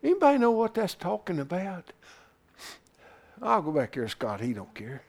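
A man preaching a sermon into a camera, swinging from loud shouting to hushed whispers and repeating phrases for emphasis. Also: high voice, wildly swooping pitch, normal speed, vocal fry. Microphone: camera he speaks into.

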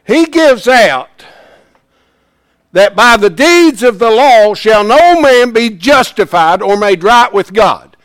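Man, Bible class teacher, folksy and plain-spoken, slow deliberate delivery, dry close sound. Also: high-pitched, no room sound. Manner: animated, swings from hushed asides to loud emphasis.

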